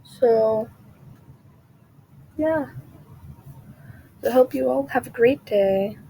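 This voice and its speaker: A chatty woman vlogger talking casually to her viewers with a mellow, soft-edged voice. She rambles, trails off and restarts mid-thought. A faint hiss sits under the recording. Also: a little high, drawn-out words, creaky, rough recording. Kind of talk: casual chat to camera.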